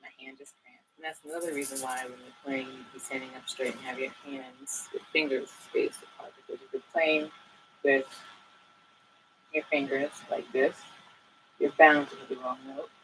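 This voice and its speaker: A woman teaching saxophone in a relaxed, chatty way, with many fillers and asides. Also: rumbling low, normal speed, slight background noise, rough recording. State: a bit out of breath at times. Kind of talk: casual tutorial talk.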